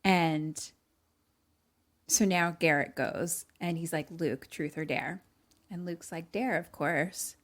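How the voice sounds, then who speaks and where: A woman's voice: sits low, takes it slowly. A young woman co-hosting a podcast, casually recapping a movie scene by scene, quoting the characters and laughing often. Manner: retells scenes with acted-out quotes, laughs often.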